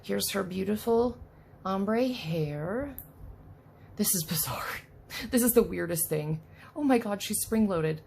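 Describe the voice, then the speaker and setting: A woman's voice: mid-range voice, lively intonation, slow, vocal fry, long pauses, darkish tone, a little hiss or hum. A woman hosting a casual unboxing video, chatty and self-deprecating, talking to the doll as she works. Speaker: unboxing vlogger.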